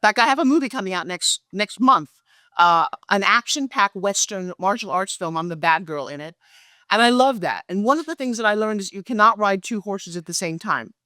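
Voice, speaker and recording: Brief: middle-aged woman guest, lively storyteller, mid pitch, dry close sound. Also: a little fast, dry recording. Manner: acts out quoted dialogue with lively pitch jumps. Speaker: guest, pitch expert and speaker. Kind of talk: animated storytelling interview.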